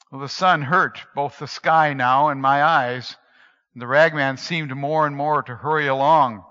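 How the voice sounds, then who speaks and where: A man tells a story aloud in a bright, sharp voice, shifting from near-whispers to emphatic swells. His reading is dramatic and expressive. The recording sounds muffled and lo-fi, with long reverb from a large hall. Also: medium pitch, a little slow, smooth. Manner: expressive, swinging between hushed and emphatic.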